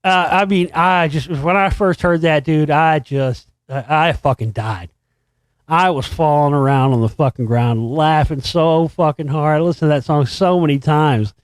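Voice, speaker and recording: A middle-aged man talks casually and with lots of swearing, his voice a little higher than most men's. He tells his stories in an animated, amused way. The sound is dry and close, with no room in it. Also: normal speed, clean tone, dry recording. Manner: profane, animated, laughs while recounting. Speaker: podcast host. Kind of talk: casual storytelling monologue.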